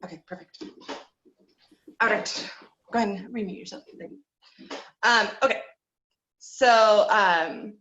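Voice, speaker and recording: Bright-voiced woman coaching a video-call voice lesson. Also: medium pitch, takes it slowly, pauses often, echoey room, lo-fi sound. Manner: encouraging, relaxed coaching with frequent fillers. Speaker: voice teacher. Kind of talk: online group voice lesson.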